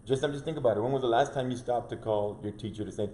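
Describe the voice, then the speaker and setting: A man's voice: mid-range voice, very fast, mellow, reverberant. A man co-hosting a casual devotional chat, earnest and fond of rhetorical questions. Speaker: co-host.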